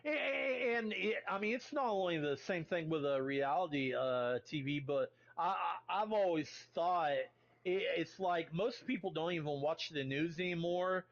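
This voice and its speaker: High-voiced man ranting over voice chat. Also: expressive, normal speed, dull audio. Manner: rambling, profane rant. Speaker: stream guest. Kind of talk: casual chat in voice call.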